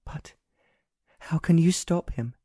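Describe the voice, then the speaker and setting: A man reading an audiobook, voicing a gentle, timid young English lady with a soft, breathy, pleading voice. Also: fairly high pitch, takes it slowly, dry recording, clean studio sound, pitched above the performer's own voice. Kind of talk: audiobook narration.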